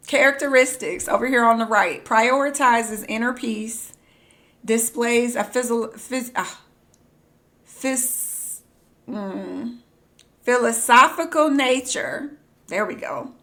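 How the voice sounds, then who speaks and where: A woman streaming a game live, reading on-screen text aloud and breaking into excited squeals. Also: a little high. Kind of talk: live gameplay commentary.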